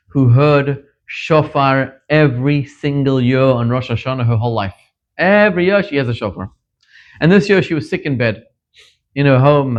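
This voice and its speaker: A middle-aged rabbi from Zimbabwe delivers a sermon woven with stories, his pitch leaping sharply upward whenever he stresses a point. He tells them in an animated way, and the recording is dull and lo-fi.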